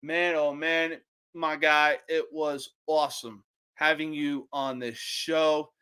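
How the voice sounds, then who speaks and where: Brief: young male sports podcaster, bright high voice, slow, swearing and shouting. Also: flat delivery, clear, resonant tone. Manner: profane, ranting, bursts into shouting. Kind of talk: casual opinionated sports picks.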